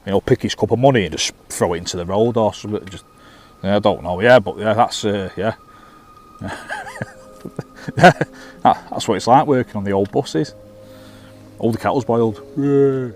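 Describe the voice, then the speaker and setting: A man, telling an animated, sweary anecdote casually while out fishing, laughing and restarting often. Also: on the low side, brisk, a little hiss or hum. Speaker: fishing vlogger and bus driver. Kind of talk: casual storytelling to camera. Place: outdoors at a fishing lake.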